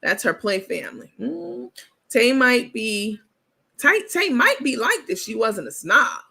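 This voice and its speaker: A woman's voice: on the high side, sing-song, unhurried, gravelly, sharp tone, husky. A woman host talking casually and candidly to her viewers, calling them baby and y'all and bragging on herself. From New York.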